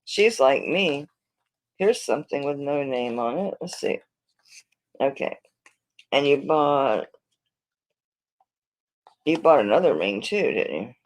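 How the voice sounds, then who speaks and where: On a live stream, a woman sells jewelry, chatting to viewers in a flustered, rambling way as she searches through orders. Her voice is bass and expressive, with a slow pace and long pauses.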